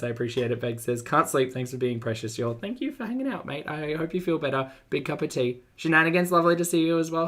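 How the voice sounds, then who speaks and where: A man's voice: a little high, sharp tone. An Australian man chatting casually on a live stream, playful and joking as he reacts to videos and reads viewer messages.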